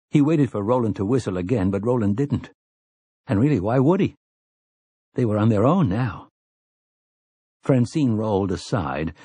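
Low, husky male storyteller. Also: mellow, no room sound. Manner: measured storytelling. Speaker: audiobook narrator. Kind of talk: scripted narration.

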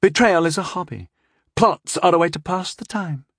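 Pushing his voice up to a high pitch, a man plays a scheming sixteen-year-old princess, cold and tipsy, as an audiobook character. His delivery is a sly, condescending drawl at a moderate pace, captured in a dry, clean studio recording.

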